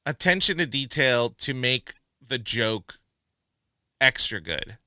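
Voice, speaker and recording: A man's voice: mid-range voice, expressive, slow, bright, forceful tone, no room sound. A man co-hosting a movie review podcast in casual chat, laughing often and acting out quotes from the film. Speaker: podcast co-host.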